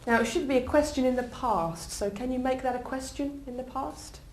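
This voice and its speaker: A woman teaching an English class, giving clear instructions and frequent praise. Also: high-pitched, fairly quick, a little mellow, roomy sound, a little hiss or hum.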